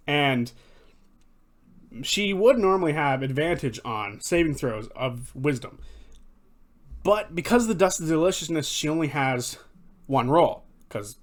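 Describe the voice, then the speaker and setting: A man giving casual, enthusiastic video commentary, recapping favorite moments, swearing freely and correcting himself as he goes. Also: a little high. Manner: enthusiastic, profane, rambling with self-corrections. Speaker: fan commentator.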